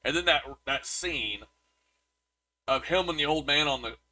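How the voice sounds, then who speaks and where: A man's voice: a little high, unhurried, pushed and bright. A man co-hosting a podcast, chatting casually about a movie and reading reviews aloud, with lots of restarts. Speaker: podcast co-host.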